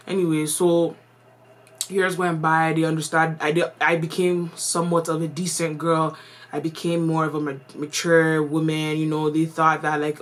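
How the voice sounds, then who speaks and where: A woman's voice: low voice, fairly even intonation, moderate pace, a bit bright. Slangy casual woman telling a story. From Canada. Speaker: vlogger. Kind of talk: storytime vlog.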